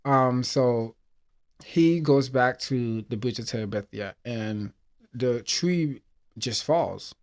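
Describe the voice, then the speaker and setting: A man's voice: medium pitch, expressive, slow pace, a little mellow. Emotional man retelling a story. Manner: emotional, rambling retelling with many fillers. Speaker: podcast host. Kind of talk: casual personal talk.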